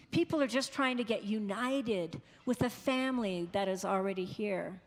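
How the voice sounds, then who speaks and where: A woman's voice: medium pitch, normal speed, few pauses. A woman pastor giving an earnest, conversational sermon, quoting the people she has met. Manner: earnest, conversational preaching with quoted voices. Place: large church. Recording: long church reverb.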